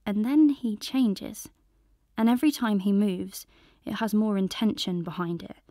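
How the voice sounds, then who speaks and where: A woman narrating a first-person audiobook in a soft, intimate voice that often drops to a whisper. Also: medium pitch, dry recording, clean studio sound.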